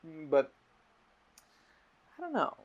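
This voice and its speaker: A man hosting a casual podcast, telling stories in a blunt, animated way with a lot of swearing. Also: fairly high pitch, drawn-out words. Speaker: podcast host. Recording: slightly dull lo-fi audio.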